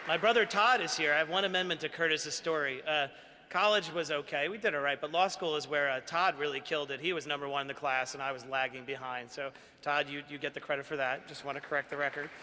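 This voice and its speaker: A man's voice: on the high side, steady tone, fast, sharp tone, slight background noise. A man from Queens, New York, giving an earnest, self-deprecating acceptance speech as an award honoree at a gala. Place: large banquet hall. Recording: echoey banquet hall.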